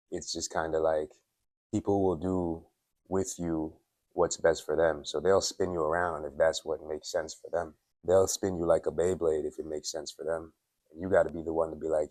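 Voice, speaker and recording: A man from Dominica in his late twenties or thirties gives blunt, opinionated self-improvement advice in a loose vlog monologue. His voice sits very low and barely moves in pitch, and the sound is close and dry. He leans on "like" and clears his throat often. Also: level tone, moderate pace, darkish tone, no room sound. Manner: candid, opinionated, filler-heavy with frequent "like". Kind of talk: casual motivational monologue. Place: at his workplace.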